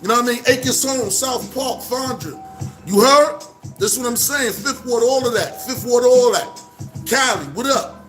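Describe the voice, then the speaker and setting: A man with a Brooklyn accent talking casually to camera, animated, full of street slang and repeated shout-outs. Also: very high voice, normal speed, faint music behind. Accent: New York, Brooklyn. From Brooklyn, New York. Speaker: vlogger. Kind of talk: casual direct-to-camera monologue.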